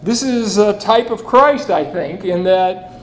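A man preaching an expository sermon, reading scripture and asking the listeners rhetorical questions in a lively, animated way. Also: high voice, takes it slowly, a little hiss or hum, poor audio. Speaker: pastor.

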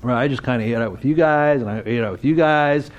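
Male conference speaker, conversational preaching style, mid-pitched, quizzes the crowd. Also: fast, highs cut off. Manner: conversational, asks the audience questions. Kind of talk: interactive church talk.

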